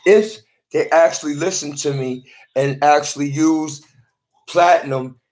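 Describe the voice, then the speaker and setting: A man's voice: fairly high pitch, a little slow, darkish tone. A man talking to a phone in a rambling monologue, often repeating and restarting his words.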